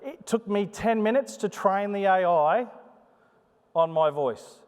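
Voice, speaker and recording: This presenter's smooth voice sits high, and he takes things slowly during a live conference talk with a demo. He's chatty and joking, with an animated sing-song manner, recorded with long reverb in the conference hall.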